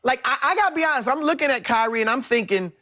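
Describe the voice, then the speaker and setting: High-voiced man arguing sports on air. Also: animated, pushed and bright. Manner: measured, explanatory, with frequent restarts. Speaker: sports debate panelist. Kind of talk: studio sports debate.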